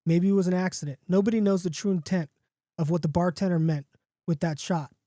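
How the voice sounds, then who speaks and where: A man's voice: high voice, fairly even intonation, fairly quick, dark tone, no echo, clean studio sound. A man hosting a podcast, casually reading a comic horror story aloud with jokey asides. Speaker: podcast host.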